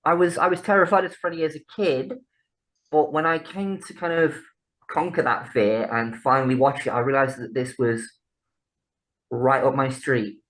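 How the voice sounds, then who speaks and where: A man's voice: medium pitch, steady tone, normal speed, fairly bright tone, rough recording. A man co-hosting a casual film podcast, enthusiastic and laughing often. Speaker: podcast co-host.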